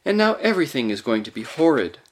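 A man's voice: fairly high pitch, big pitch swings, moderate pace, breathy edge, voice pushed up, exaggerated voice. A man reading aloud and voicing an earnest young girl who pleads and urges. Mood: pleading.

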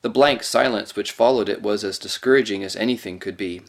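A man narrating a storybook in an expressive, varied way. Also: fairly low pitch, fairly quick. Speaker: audiobook narrator.

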